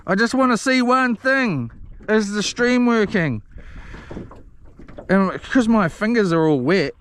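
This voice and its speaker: Excitable high-voiced man on a boat. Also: slow, long pauses, slight background noise. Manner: excitable and scattered, with frequent restarts and mild cursing. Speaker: fishing vlogger live streaming. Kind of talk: rambling live-stream chat. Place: outdoors on a small fishing boat in the rain. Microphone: action camera.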